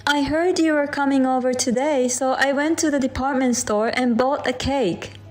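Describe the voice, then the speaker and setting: A woman's voice: high voice, fairly even intonation, moderate pace, soft background music, voice pushed up, natural voice. A woman voicing a cheerful, oblivious older mother-in-law who chirps in a sing-song way. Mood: cheery.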